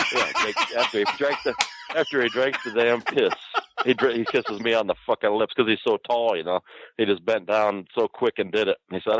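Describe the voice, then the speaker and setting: An older man with a very low voice tells a long, profane story in a loose, rambling way. He laughs through his own lines. The recording is dry and close. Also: a little fast, fairly bright tone, no echo, rough recording. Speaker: guest. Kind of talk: casual anecdote telling.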